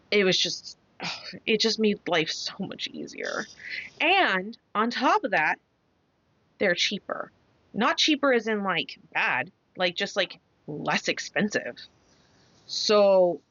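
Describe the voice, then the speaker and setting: A woman's voice: mid-range voice, big pitch swings, takes it slowly, pauses often, a bit bright, no echo. A woman hosting a craft channel, chatting casually and rambling through a story with lots of fillers. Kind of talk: casual chat while crafting. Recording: dull, dry lo-fi sound.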